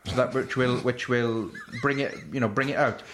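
A man's voice: medium pitch, steady tone, normal speed, fairly bright tone, slight background noise. A man hosting a casual comedy chat, explaining at length with restarts and frequent laughter.

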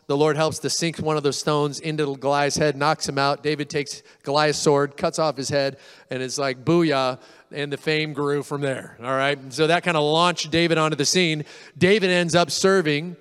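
A male pastor preaches in a loose, conversational storytelling style, slipping into the voices of the people he describes. His voice sits a little high and comes through smooth and resonant. A long reverb trails after him, as in a big church hall. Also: fairly bright tone. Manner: casual storytelling, acts out quoted voices. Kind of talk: sermon.

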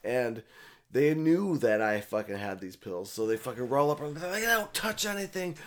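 A man's voice: medium pitch, normal speed. Profane rambling young man telling a story. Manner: profane, rambling, animated retelling. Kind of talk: casual storytelling.

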